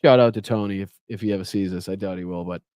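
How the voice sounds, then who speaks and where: A man's voice: sits low, fairly even intonation, fast, a little mellow, clear, resonant tone, no echo. A man hosting a live political stream, chatting casually, rambling and swearing as he thanks viewers. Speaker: livestream host. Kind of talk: casual live chat reading comments.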